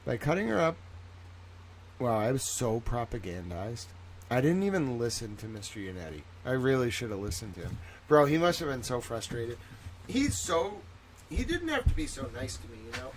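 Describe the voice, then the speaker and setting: A man's voice: mid-range voice, big pitch swings, moderate pace, a little hiss or hum. A man giving rambling, reactive commentary on a livestream, swearing freely.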